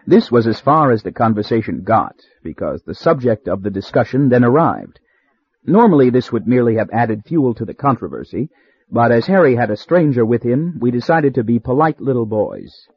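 A husky-voiced man reads a story aloud in a measured, wry manner. His pitch sits in the middle range. The recording is dry and close, with slightly muffled highs. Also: expressive, dry recording. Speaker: audiobook narrator. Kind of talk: scripted story narration.

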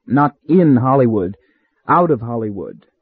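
A man's voice: mid-range voice, normal speed, husky, dry recording. A man voicing a mournful, hangdog film man. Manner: mournful and anxious. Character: sad, hangdog Hollywood effects man. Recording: slightly dull dry recording.

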